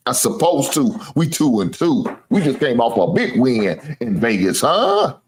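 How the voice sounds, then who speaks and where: With slight background noise, a medium-pitched man speaks unhurriedly but with huge pitch swings. He hosts a sports show and rants casually at viewers, trash-talking, boasting, teasing, swearing freely and laughing at his own jokes.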